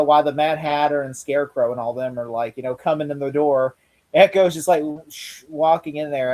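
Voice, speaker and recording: A man co-hosting a podcast in casual chat, animated, laughing often and acting out bits of dialogue as he retells scenes. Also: a little high. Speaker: podcast co-host.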